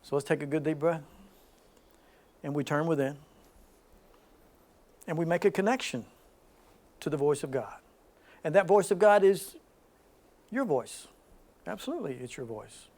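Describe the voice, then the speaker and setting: Man leading a spiritual gathering, high voice, swings from loud to hushed, laughs often. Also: normal speed, long pauses. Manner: dynamic, swings from loud emphasis to soft hushed speech; laughs between points. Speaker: spiritual group leader. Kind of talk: spiritual talk to a small group.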